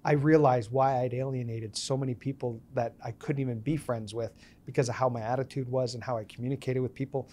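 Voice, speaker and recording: Guy on a podcast telling stories, mid pitch, acts out the dialogue. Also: fairly quick. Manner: animated storyteller acting out quoted dialogue. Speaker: podcast guest. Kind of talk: storytelling interview.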